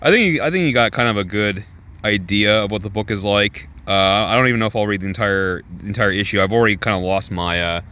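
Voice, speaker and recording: Rambling, low-voiced comic reviewer guy. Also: quick pace, sharp tone, clear, resonant tone. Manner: rambling, many restarts and swearing. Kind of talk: casual review while reading aloud.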